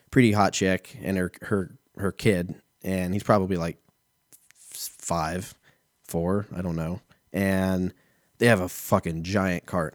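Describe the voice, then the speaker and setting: A man's voice: low voice, no room sound, studio quality. A man in his thirties telling a rambling, profane everyday story in a casual solo chat, full of fillers like "like" and "you know.". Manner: rambling, heavy swearing, lots of fillers.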